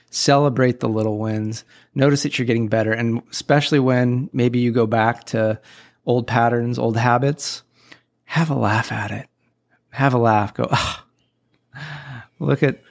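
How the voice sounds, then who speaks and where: A man hosting a podcast, talking casually and giving upbeat, encouraging self-help advice with a playful touch. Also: mid-range voice. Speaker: podcast host.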